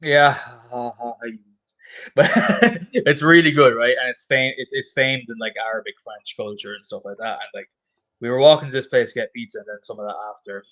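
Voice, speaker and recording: A man's voice: medium pitch, normal speed, a bit bright. Irish man, casual chat, rambling storyteller, swears a lot. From Ireland.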